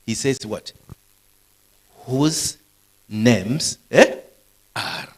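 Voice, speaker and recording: A middle-aged man preaching a live sermon at a university, animated, swinging between loud bursts and soft asides. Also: mid-range voice, extremely slow, slightly rough, rough recording. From Kenya. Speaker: pastor. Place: university hall, live service.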